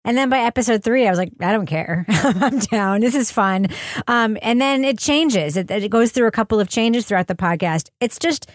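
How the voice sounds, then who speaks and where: A woman's voice: fairly high pitch, moderate pace, no room sound, clean studio sound. A woman hosting a podcast in casual panel chat, chatty and often laughing as she talks. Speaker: podcast host.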